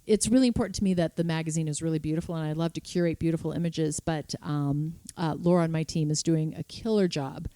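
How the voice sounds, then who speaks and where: A woman in her fifties talks eagerly through her career story, lively and chatty. Her voice sits a little low and sounds mellow and soft-edged, recorded close and dry with no room echo. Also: fast, few pauses. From Chicago, USA. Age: 50s. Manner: enthusiastic, storytelling, animated asides. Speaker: magazine founder and guest. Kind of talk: conversational interview. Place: conference room.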